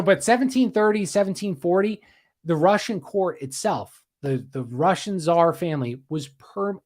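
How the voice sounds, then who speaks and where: A man hosting a casual livestream history podcast, rambling, repeating himself and reading out viewer comments. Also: fairly high pitch. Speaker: podcast host.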